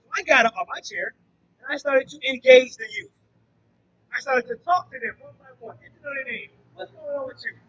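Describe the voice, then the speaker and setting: A man with a very high, bright, forceful voice gives an earnest personal testimony to a church crowd. He tells his story as a storyteller, acting out the conversations. The recording is dull and lo-fi. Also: fairly quick. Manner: earnest storytelling that acts out dialogue. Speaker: former drug trafficker, now youth mentor.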